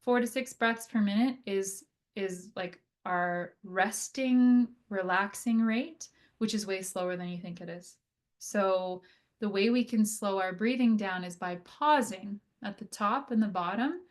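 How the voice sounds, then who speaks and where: Woman therapist giving a relaxed health lecture. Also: medium pitch. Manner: conversational, frequent "right?" and "like" fillers; slows down to demonstrate breathing. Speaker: occupational therapist. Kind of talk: casual educational lecture.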